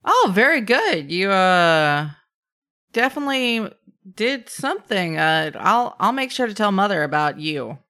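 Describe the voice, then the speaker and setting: A woman's voice: medium pitch, big pitch swings, measured pace, sharp tone, voice pushed up, full character voice. Woman doing a pompous noble note-taker. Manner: pompous, condescending.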